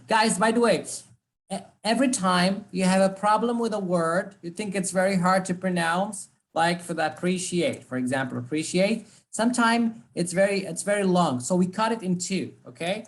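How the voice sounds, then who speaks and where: A man teaching English, giving encouraging feedback and drilling pronunciation slowly. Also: high voice. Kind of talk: online class feedback.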